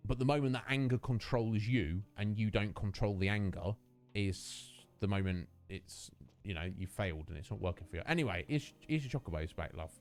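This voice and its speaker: A man streaming a video game, chatting casually and rambling through a rant with lots of fillers. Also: lowish voice. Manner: rambling, ranting, many fillers.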